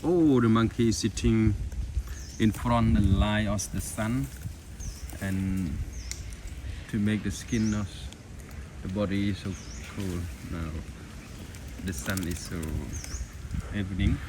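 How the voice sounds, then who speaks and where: A man with filming monkeys outdoors at sunset, chattering in excited, repetitive exclamations. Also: lowish voice, slow pace, pauses often. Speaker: wildlife vlogger filming monkeys. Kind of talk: casual live commentary while filming. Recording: distant outdoor camera audio with noise.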